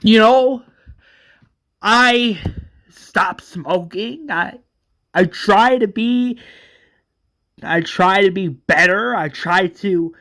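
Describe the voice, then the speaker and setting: A man voicing an angry, grieving adult brother who yells and stammers. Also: high voice, animated, extremely slow, pauses often, full character voice. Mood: grieving anger. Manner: yelling, stammering, bitter.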